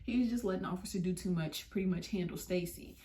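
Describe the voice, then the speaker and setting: A young woman vlogger telling a story, animated and slangy. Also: lowish voice, fast, a little hiss or hum. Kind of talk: storytime vlog. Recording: roomy, mic at a distance.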